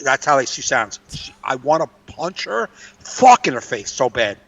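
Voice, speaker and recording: A man's voice: mid-range voice, sing-song, measured pace, creaky, a bit bright. A man co-hosting a casual comedy podcast, ranting in a profane and exasperated way. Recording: distant, dull lo-fi mic.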